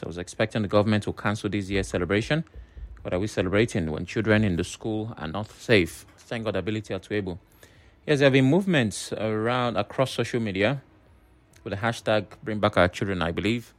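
A man with a Nigerian English accent hosting a phone-in radio talk show, briskly reading listener messages aloud with loud emphasis. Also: fairly low pitch, animated, no room sound.

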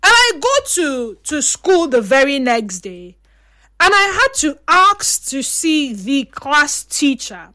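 A young woman with a very high, bright, ringing voice hosts a casual livestream chat and reads viewer comments aloud. She tells stories with lots of animation and acts out each side of the dialogue. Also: sing-song, slow. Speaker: host reading viewer comments.

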